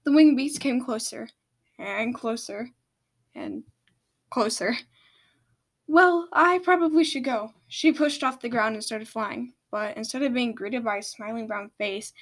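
High-voiced woman reading a story aloud. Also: measured pace. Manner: stumbles and self-corrects.

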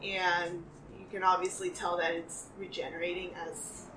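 Her voice low and fairly flat, a woman at a tabletop role-playing game describes what her character does at a moderate pace, casual and full of laughs and fillers. Crowd noise, an echoey room, a distant mic and faint hiss mark the recording.

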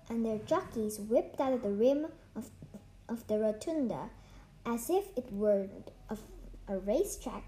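A woman's voice: fairly high pitch, mellow. A woman reading a children's novel aloud to a class, carefully and with small restarts.

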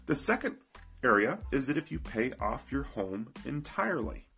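A man with a gravelly, creaky edge to his voice gives an emphatic finance talk and speaks straight to the listener. He drives each point home by repeating it, and his pitch sits in a middling range. Soft music plays faintly underneath. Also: sing-song, moderate pace. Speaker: financial educator. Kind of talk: motivational finance talk to viewers.

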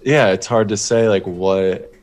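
A man's voice: on the low side, a little slow, a little mellow. A man who plays in a band, speaking as a guest in a loose, hesitant way. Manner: hesitant, lots of "like" and "I don't know". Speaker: musician guest. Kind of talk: casual live interview.

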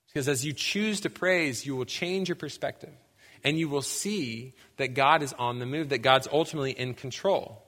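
A young man preaching a sermon as a pastor, telling lively stories and breaking into shouts to act out scenes. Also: mid-range voice, normal speed. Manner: animated storytelling, bursts into shouts when acting out scenes. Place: church sanctuary. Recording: long hall reverb.

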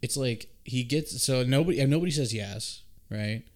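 Host, male, mid-pitched, casual and profane, acts out scenes. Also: normal speed. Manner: animated retelling with profane asides and acted-out quotes. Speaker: podcast host. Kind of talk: casual chat.

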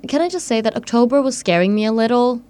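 A woman's voice: on the high side, lively intonation, quick pace, darkish tone. Chatty Swedish-accented woman host. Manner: chatty, giggly, lots of "like". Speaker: podcast host. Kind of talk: casual chat. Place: studio.

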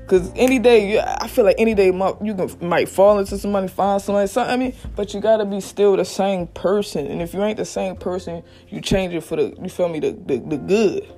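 A podcast host giving blunt, profane motivational straight talk, recorded alone at a quiet workplace late at night. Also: mid-range voice. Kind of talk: motivational casual monologue. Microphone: single mic.

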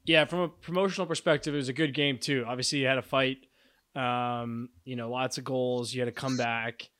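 A man's voice: mid-range voice, steady tone, a little fast, a bit bright. A man co-hosting a podcast, talking casually and rambling with fillers and restarts. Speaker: podcast co-host. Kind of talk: casual chat.

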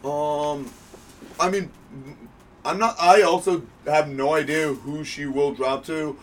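A man's voice: fairly high pitch, steady tone, slow, distant mic, slight background noise. A man co-hosting a wrestling podcast in casual chat, playful and teasing. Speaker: podcast co-host.

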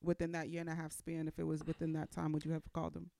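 A man's voice: on the high side, completely flat delivery, rapid-fire, gravelly, dark tone, dry recording, clean studio sound. A young man co-hosting a casual chat, pushy and pressing his friend for more. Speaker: podcast co-host.

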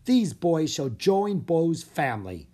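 A reader voicing a cold, menacing grown-man emperor in a children's audiobook, slow and commanding. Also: medium pitch, very animated, mellow, pitched above the performer's own voice.

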